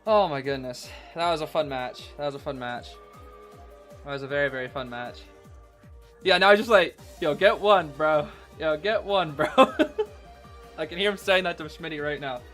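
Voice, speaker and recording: A young man streaming and co-casting an esports match in excited, casual commentary. He repeats himself, laughs often and keeps saying "bro.". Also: a little high, normal speed, long pauses, soft background music.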